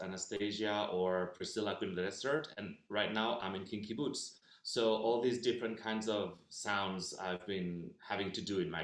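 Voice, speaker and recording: A man's voice: lowish voice, roomy sound. A man from Spain, a musical theater actor, chatting in a friendly, slightly hesitant way as a student in an online voice lesson. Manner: friendly, slightly hesitant, sings warm-up sounds when asked. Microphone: video call.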